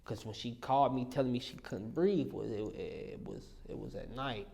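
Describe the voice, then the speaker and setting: A man's voice: medium pitch, normal speed, vocal fry, dark tone. A young man telling an emotional story in a casual interview in a studio, slangy and often saying "you know what I'm saying". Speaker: interview guest.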